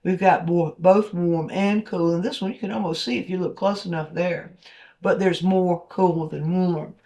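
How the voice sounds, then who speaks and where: A man's voice: high-pitched, fairly even intonation, normal speed, warm tone. A man, a painting instructor, talking through a demonstration as he paints, thinking aloud with fillers and restarts.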